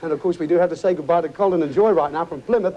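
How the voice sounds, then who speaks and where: Chirpy game show host. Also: male voice, on the high side, very fast, mellow, poor audio. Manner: chatty, jokey and encouraging. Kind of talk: light-entertainment game show hosting. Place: TV studio before an audience.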